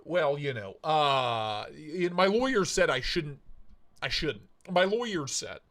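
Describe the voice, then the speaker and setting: A male livestream host with a bright, ringing voice that bounces up and down in pitch. He talks casually into his streaming setup and greets viewers by name with playful, jokey shout-outs. His voice sits a touch higher than most men's. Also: big pitch swings, takes it slowly. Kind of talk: casual live-stream chat.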